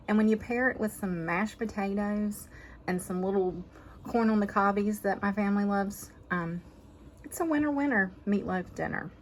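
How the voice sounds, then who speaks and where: A woman's voice: medium pitch, a little hiss or hum. Folksy woman cooking at home. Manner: chatty, folksy, self-joking. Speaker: vlog host cooking. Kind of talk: casual cooking vlog chat. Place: home kitchen.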